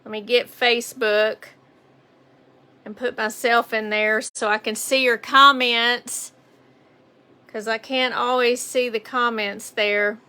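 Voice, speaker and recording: Chatty Southern woman, bright voice. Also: on the high side, level tone, slow, clear, resonant tone. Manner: chatty, greets viewers by name. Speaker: painting instructor on a livestream. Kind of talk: casual live painting tutorial. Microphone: phone on a mount.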